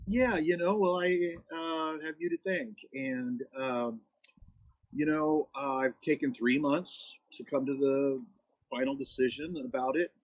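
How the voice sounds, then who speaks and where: A man calling in to a live talk show, speaking earnestly and hesitantly with many pauses. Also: mid-range voice, no room sound, low-quality recording. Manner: hesitant, lots of ums, earnest. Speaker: caller. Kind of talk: call-in conversation.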